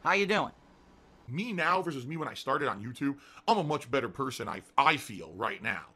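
A man's voice: medium pitch, animated, a little fast, bright, forceful tone, slightly rough. A middle-aged man streaming live, ranting and at times sarcastic as he talks to his viewers. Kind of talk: livestream talk.

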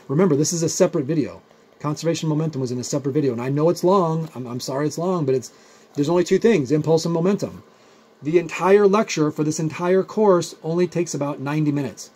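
Husky, chatty man teaching physics. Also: on the high side, warm tone. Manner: chatty, rambling with everyday examples. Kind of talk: recorded video lecture.

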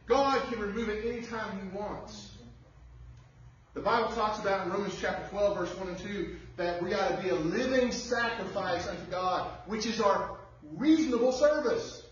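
A man's voice: high-pitched, normal speed, slight background noise. A man preaching an emphatic sermon as pastor, firing off rhetorical questions to the congregation. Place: church sanctuary. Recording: distant, muffled, very echoey room.

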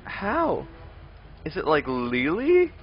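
A young man talks his way through a live game stream, chatting to viewers and snapping at the enemies in exasperation. His voice sits at an ordinary middle pitch. The audio is dull and lo-fi, with faint game music underneath. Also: lively intonation, a little slow. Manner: chatty, reads out and answers chat, exasperated outbursts at enemies. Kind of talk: live gameplay commentary.

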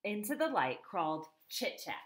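A woman's voice: medium pitch, sing-song, moderate pace. A woman reading a novel aloud, stopping for chatty asides to her listeners. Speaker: reader.

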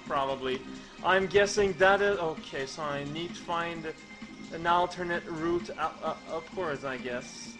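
A young man giving rambling, goofy game commentary in a deadpan way, with many stammered restarts. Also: on the high side, unhurried, over music, poor audio. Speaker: let's play commentator.

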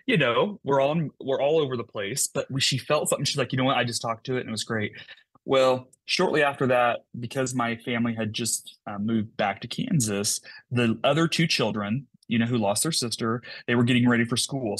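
Husky, animated man telling a story. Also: no echo. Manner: animated storyteller, big pitch jumps. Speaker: podcast guest. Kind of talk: casual podcast conversation.

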